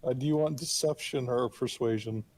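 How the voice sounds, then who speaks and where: A man's voice: mid-range voice, normal speed, darkish tone, slight background noise. A man playing a tabletop game, chatting casually and hesitantly. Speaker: player.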